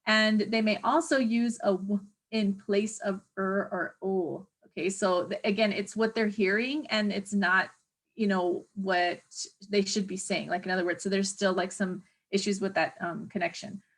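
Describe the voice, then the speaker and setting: A woman teaching an exam review lecture, chatty and hesitant, often pausing to search for words with many fillers. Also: mid-range voice, fairly even intonation. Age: adult parent of a young child. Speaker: teacher educator.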